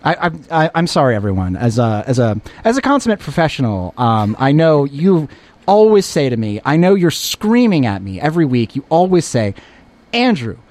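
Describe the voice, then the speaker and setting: A male radio host jokes with his co-host in a studio, his voice sitting a little high and swinging widely in pitch. He mocks himself, restarts sentences and keeps the banter loose and playful. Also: very animated, normal speed, a little mellow. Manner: playful, self-mocking, stumbling restarts.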